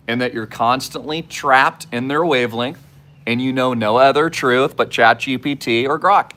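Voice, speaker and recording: A man hosting his own show, delivering an emphatic monologue straight to his viewers, swinging from low mutters to sudden high outbursts. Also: pushed and bright. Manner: conspiratorial, addresses viewers directly. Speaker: show host. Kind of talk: monologue to camera.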